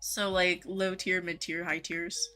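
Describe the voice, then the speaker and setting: With faint music in the background, a woman game streamer reads chat and talks casually to viewers, full of "um," "like" and easy laughs. Her voice sits fairly low and sounds sharp, and her delivery is flat and a little slow.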